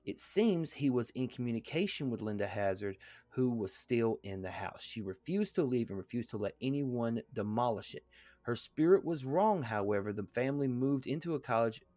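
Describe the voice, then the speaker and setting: A man hosting a podcast, reading a text aloud in a halting way, with fillers and stumbles. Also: mid-range voice, expressive, a little mellow, no echo. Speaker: podcast host.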